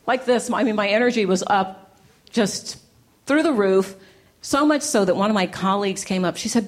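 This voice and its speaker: A woman giving a lively talk to a church gathering, telling stories with playful, punchy repetition and plenty of animation. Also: mid-range voice, normal speed. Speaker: inspirational speaker. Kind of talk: storytelling talk to a live audience.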